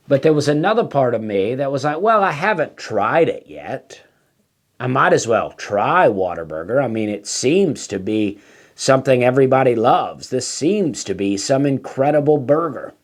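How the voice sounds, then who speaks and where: Speaking at normal speed in an expressive, medium-pitched voice, this comedian rambles through a story. He loses his train of thought and leans heavily on fillers.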